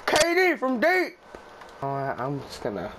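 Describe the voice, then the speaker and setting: A man's voice: wildly swooping pitch, moderate pace, background noise. Hyped, swearing young man gaming. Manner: loud, profane, hyped shouting at plays, then low muttering. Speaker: gaming YouTuber. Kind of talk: excited gameplay commentary.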